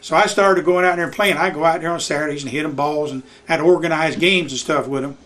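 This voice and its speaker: Brief: older man, high-pitched folksy storyteller, home interview. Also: steady tone, quick pace, a bit bright. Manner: folksy Southern storyteller, acts out voices in his anecdotes. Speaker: retired youth baseball coach. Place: living room of his house.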